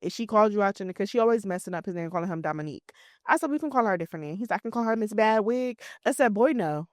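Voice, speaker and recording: Animated woman telling family stories. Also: medium pitch, racing, no echo, clean studio sound. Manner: animated storyteller, acts out quotes in lively voices. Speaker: podcast co-host. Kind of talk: casual chat.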